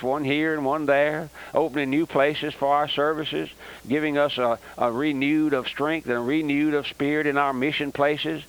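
A man's voice: a bit bright, smooth, rough recording. Fiery preacher man on the radio. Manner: rising to emphatic exhortation, swings pitch widely. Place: tabernacle. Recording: old radio broadcast recording.

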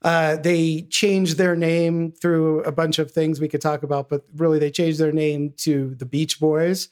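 Guiding a laid-back music podcast, this male co-host walks through a band's history and introduces songs. His voice is a little high yet darkish and smooth, delivered flatly and a little slowly.

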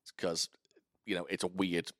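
A man co-hosting a podcast, talking through a horror film and his theories in an animated, casual way. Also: low voice, moderate pace, no room sound, studio quality. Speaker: podcast co-host.

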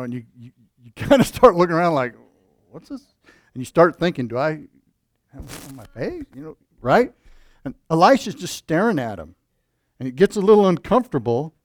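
A man's voice: a little high, a little mellow, dry recording. A man preaching a sermon in a conversational way, with asides and rhetorical questions to the congregation. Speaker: pastor.

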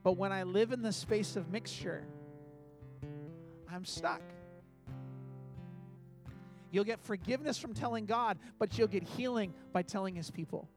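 A man with a fairly high voice preaches from a church stage into a microphone. He talks in an earnest, conversational way and acts out short quoted asides. Soft guitar plays faintly behind him. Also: normal speed. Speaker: pastor. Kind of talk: sermon.

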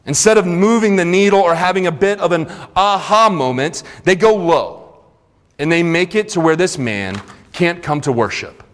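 A man's voice: sits high, expressive, normal speed. A man preaching a sermon in a church sanctuary, retelling scripture earnestly with conversational asides. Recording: long reverb of a large hall.

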